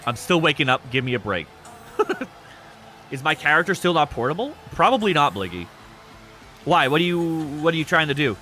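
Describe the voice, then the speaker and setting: Bright-voiced man chatting on a stream. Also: fairly high pitch, moderate pace, pauses often, faint music behind. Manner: rambling, self-described monotone, answers chat. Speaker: streamer hosting an e-fed wrestling show. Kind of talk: casual live-stream chat.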